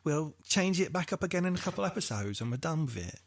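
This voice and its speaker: A man's voice: a little high, big pitch swings, fast, dry recording, clean studio sound. A British man co-hosting a podcast in casual, jokey chat with a lot of swearing and laughter. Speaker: podcast co-host.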